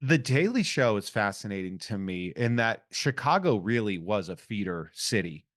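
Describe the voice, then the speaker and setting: A man's voice: fairly low pitch, very animated, moderate pace. A man hosting a podcast in casual chat, talking in loose, rambling sentences with lots of restarts. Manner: rambling, full of restarts and 'like' fillers. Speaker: podcast host.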